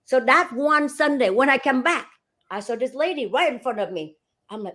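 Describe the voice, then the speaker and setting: A woman's voice: on the high side, brisk. A middle-aged woman, a real estate agent, animatedly telling a story in an interview and acting out the dialogue. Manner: animated, acts out dialogue, laughs while telling.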